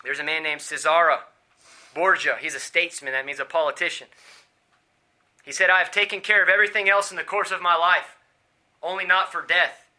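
Male preacher, high and very bright voice, dramatic swings between hushed and shouted delivery. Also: steady tone, a little fast, long pauses. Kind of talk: sermon.

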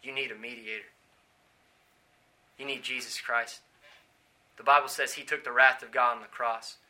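A man preaching a sermon, swinging from hushed pleading to loud shouting. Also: mid-range voice, fairly even intonation, normal speed.

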